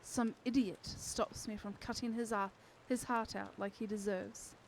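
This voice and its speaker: A woman's voice: mid-range voice, fairly even intonation, measured pace, a little hiss or hum, natural voice, poor audio. A woman voicing a bitter, curt young woman with a vengeful streak in a storybook reading, snappish and mocking.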